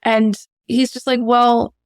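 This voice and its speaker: A woman's voice: a little high, moderate pace, smooth, no echo. A woman voice teacher as a podcast guest, speaking in a reflective, self-deprecating way. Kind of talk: candid podcast conversation.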